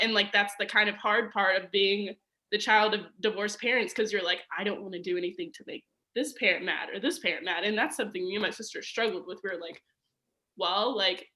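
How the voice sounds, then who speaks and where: A young adult woman, a podcast guest, telling a personal story in casual chat, animated and peppered with "like". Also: mid-range voice. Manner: animated, says "like" a lot, acts out quoted voices.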